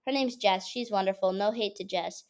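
A woman's voice: medium pitch, normal speed. A young woman, a college student, chatting casually to the camera in a vlog, telling stories with lots of fillers. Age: young adult. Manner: chatty, animated storytelling with frequent fillers. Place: at home.

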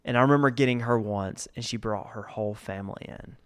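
In a casual chat, a man in his thirties appears as a guest sharing stories from jobs he used to have, impersonating the people involved in a relaxed way. His voice is mid-range and clean, and he talks fairly quickly.

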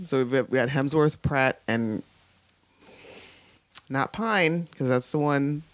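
A man's voice: mid-range voice, slow pace, dry recording. A man co-hosting a podcast, chatting eagerly about a movie and keen to point out his own calls. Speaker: podcast co-host. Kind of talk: casual movie-review chat.

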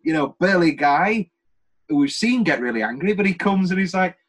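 High-pitched and lively in intonation, this man speaks at a normal speed as a podcast co-host. He chats casually and enthusiastically about a film, rambling and restarting his sentences.

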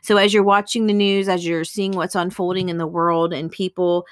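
A woman's voice: lowish voice, little pitch movement, moderate pace, no echo, studio quality. A woman giving an earnest devotional Bible teaching with prayer, speaking in a conversational way with casual fillers.

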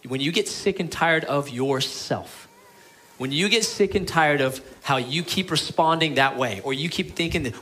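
This sermon comes from a man whose voice runs on the high side, speaking as his church's pastor. He sounds earnest and imploring, alternating emphatic passages with softer moments.

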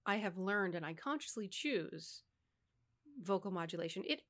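A woman's voice: mid-range voice, animated, normal speed. Woman co-host, voice-teacher manner, frank and instructive, casual chat. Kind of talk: casual conversation.

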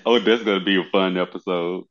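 A laid-back man chatting as a podcast co-host, dropping chuckling asides. His voice is fairly low, and the sound is dull and lo-fi. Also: steady tone, fairly quick, fairly bright tone. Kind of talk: casual chat.

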